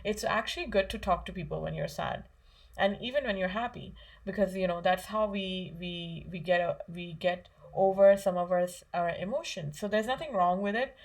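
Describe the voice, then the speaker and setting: A woman's voice: on the low side, normal speed, creaky. A woman teaches a lesson to children in a friendly, conversational way. She keeps asking them questions and fills her speech with "like" and "you know.". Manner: asks kids questions, conversational, many fillers. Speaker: Islamic studies teacher for children.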